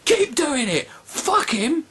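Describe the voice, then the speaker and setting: A young man, a video blogger, delivering a sarcastic, profane rant with animated outbursts. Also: very high voice, takes it slowly, slight background noise.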